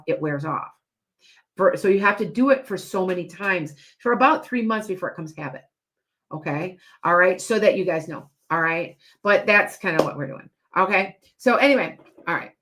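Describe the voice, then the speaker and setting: A woman's voice: mid-range voice, fairly bright tone. A woman hosting a live stream as a psychic and hypnotist, chatting to viewers in a rambling way with lots of restarts and asides.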